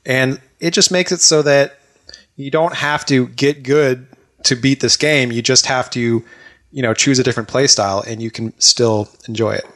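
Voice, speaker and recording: A man talking in an excited, rambling way, chatting casually as a co-host of a gaming talk show. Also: mid-range voice. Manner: excited, rambling, quick bursts. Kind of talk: casual chat.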